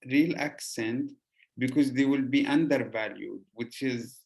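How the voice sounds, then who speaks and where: A man from Yemen, a podcast host talking earnestly in casual conversation, pausing on "uh". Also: mid-range voice, gravelly.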